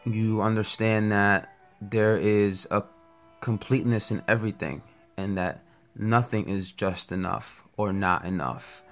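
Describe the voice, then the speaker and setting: A man giving an earnest, reflective spiritual talk, telling a parable along the way. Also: on the low side. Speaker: spiritual teacher. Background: faint music.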